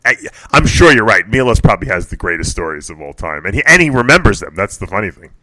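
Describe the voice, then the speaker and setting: A man hosting a radio talk show, telling animated stories and laughing as he chats. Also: lowish voice, fast talker, no echo. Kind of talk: casual chat.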